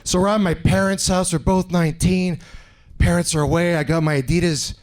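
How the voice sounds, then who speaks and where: Man, stand-up comedian, from Canada, high voice, lively storyteller, club stage. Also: fairly quick. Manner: animated storytelling, acts out other voices. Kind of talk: stand-up set. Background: audience laughter.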